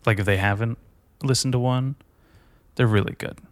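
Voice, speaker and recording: A man's voice: mid-range voice, steady tone, normal speed, dry recording. A man hosting a podcast, trading sarcastic, crude jokes in casual banter. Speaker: podcast host.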